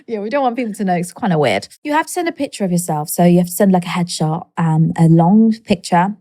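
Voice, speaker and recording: A woman's voice: lowish voice, fast, hardly any pauses, dry recording, clean studio sound. A woman in her thirties, a guest in an interview, telling her story candidly and acting out the people she quotes. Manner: animated, quirky, acts out quoted people.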